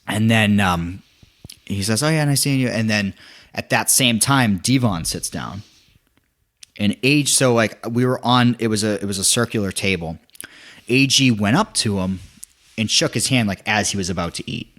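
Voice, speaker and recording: A young man telling a story in casual podcast chat, animated, acting out quotes with many restarts. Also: on the low side, normal speed.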